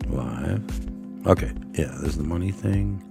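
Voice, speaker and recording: Gravelly, low-voiced man chatting casually. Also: expressive, measured pace, over loud music. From Oregon. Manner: rambling and profane, laughing at his own stories. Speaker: livestream host. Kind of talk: casual live stream chat.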